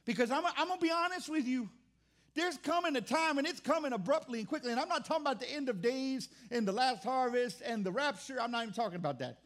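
A man's voice: very high-pitched, lively intonation, quick pace, a bit bright. A pastor preaching a sermon in an impassioned, conversational way, often restarting his words.

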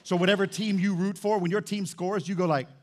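A man preaching a lively sermon as pastor in a church, swinging between shouts and low asides. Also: brisk. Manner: animated, shouts and drops low, playful asides. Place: church sanctuary.

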